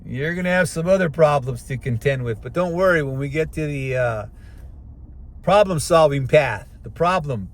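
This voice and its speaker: A middle-aged man hosting a casual self-help talk, speaking straight to viewers and sometimes stretching words out slowly to show clear diction. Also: fairly high pitch, expressive. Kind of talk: casual advice monologue. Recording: street noise behind voice.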